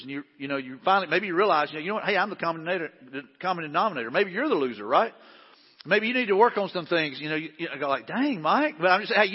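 Male pastor, middle-aged, folksy sermon delivery, higher voice, muffled church-hall recording. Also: slightly rough. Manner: folksy, conversational with frequent restarts.

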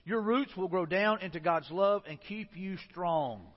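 A pastor with a drawl preaches in a relaxed, conversational way, circling back and repeating phrases as he goes. His voice sits high for a man. The sound is muffled and carries a long reverb from a large church hall. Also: a little slow. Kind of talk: sermon.

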